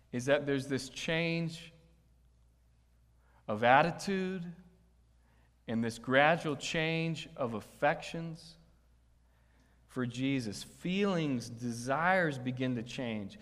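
A man's voice: a little high, animated, slow, long pauses, a bit bright. A man preaching a sermon as pastor, talking conversationally and asking the congregation questions. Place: church hall. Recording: long church hall reverb.

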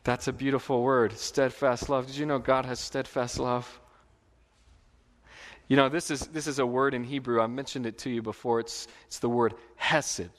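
A man preaching a sermon as pastor, in a conversational, lively way with emphatic repetition. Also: mid-range voice, moderate pace. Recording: long hall reverb.

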